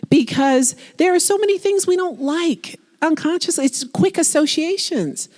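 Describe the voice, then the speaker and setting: A woman in her forties giving a public lecture on leadership, lively and conversational, acting out the people she quotes. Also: very high-pitched, moderate pace. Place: lecture hall.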